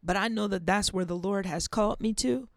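A woman hosting a faith podcast, preaching earnestly and dropping to a hush for emphasis. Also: mid-range voice, brisk, dry recording, studio quality. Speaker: podcast host. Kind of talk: faith-based podcast monologue.

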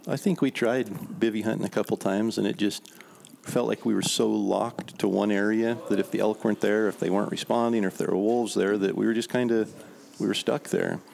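Laid-back guest, lowish gravelly voice, casual storyteller. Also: male voice, steady tone, brisk, a little mellow. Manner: laid-back, laughs often.

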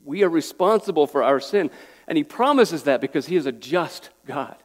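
Man, pastor, fairly high voice, earnest pleading sermon delivery, long hall reverb. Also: animated, moderate pace. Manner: earnest, pleading, repeats words at restarts.

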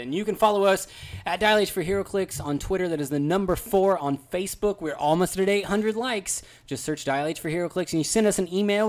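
An easygoing man co-hosting a podcast in casual chat. He laughs while he tells his stories, and his voice sits fairly high. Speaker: podcast co-host.

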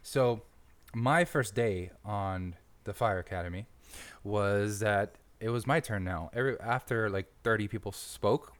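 A man hosting a casual podcast interview, an animated storyteller who swears freely and laughs often. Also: fairly low pitch, a little slow. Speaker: podcast host and firefighter.

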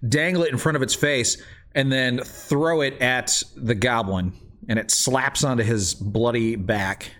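A man's voice: mid-range voice, a little slow, a bit bright. A man playing a tabletop game in character, talking playfully. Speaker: player.

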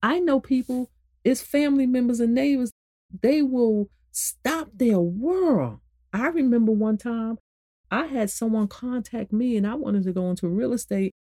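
A woman meditation therapist giving a spoken motivational talk in a conversational way, repeating phrases and swinging from low to high emphasis. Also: measured pace, mellow, no echo, studio quality.

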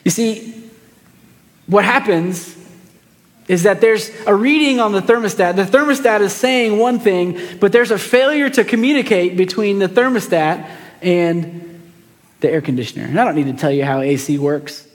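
A pastor, preaching a sermon in a relaxed, conversational way, telling a family story with lots of fillers and restarts. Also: male voice, sits high, moderate pace, big-room sound.

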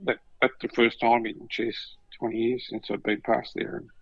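A man's voice: mid-range voice, normal speed, creaky, slightly rough, no room sound. A man in his fifties with an Australian accent, telling stories in a casual chat and acting out the voices. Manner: animated anecdotes, acting out voices. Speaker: podcast co-host, former paramedic. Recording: dull lo-fi dry sound.

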